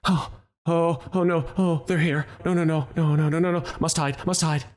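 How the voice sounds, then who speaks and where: A man doing a frightened young soldier in a tabletop game, with a voice pushed higher than his own. He stammers, trips over his words and repeats himself in nervous bursts. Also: animated, moderate pace. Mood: panicked. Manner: stammering, panicky repetition. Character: terrified young male guard, shaken and stammering.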